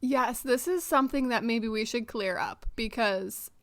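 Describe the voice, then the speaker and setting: A woman's voice: on the high side, unhurried. A young woman from Michigan co-hosting a podcast, chatty and enthusiastic in casual conversation. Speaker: podcast co-host. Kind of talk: casual chat.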